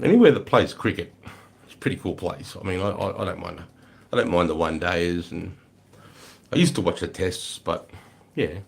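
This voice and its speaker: A relaxed Australian man with a very deep, low voice chats through a livestream. He greets viewers by name, calls them mate and brother, and swears casually. He sounds easygoing and unhurried. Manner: swears freely, laid-back, greets chatters as mate and brother. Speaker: livestream host. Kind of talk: casual livestream chat reading comments.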